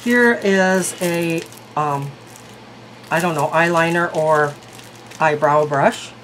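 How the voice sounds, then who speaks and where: A woman's voice: low voice, takes it slowly, a bit bright, a little hiss or hum, rough recording. A woman reviewing beauty products in a casual vlog, chatty and thinking aloud. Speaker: beauty vlogger.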